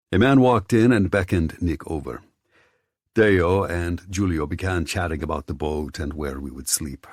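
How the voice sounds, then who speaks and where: A man reads an audiobook in the first person, his voice deep and husky. His telling is tense and inward, with plenty of movement in pitch. The sound is close and dry. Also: no room sound. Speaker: audiobook narrator. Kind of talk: scripted audiobook narration.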